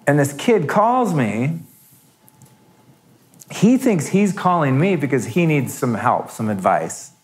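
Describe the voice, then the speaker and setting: A man's voice: fairly high pitch, sing-song, slow, pauses often. Candid man telling a story live. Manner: candid, storytelling, acts out quoted voices. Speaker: podcast host. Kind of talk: live talk to an audience.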